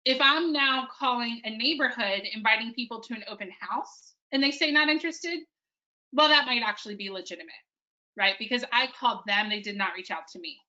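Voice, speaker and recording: A woman in her thirties leads a live sales workshop, talking straight to the group in a lively, conversational way. Her voice sits a little high and rings bright and forceful. The recording is dull and lo-fi. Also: fairly quick. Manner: energetic, conversational, addresses group as guys. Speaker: sales coach.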